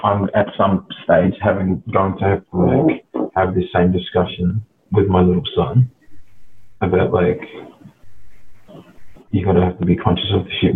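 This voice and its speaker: Low-voiced man on a tinny line. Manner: frank, profane, heated about his subject. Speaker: podcast guest. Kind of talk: casual conversation. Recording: phone-like audio with faint noise.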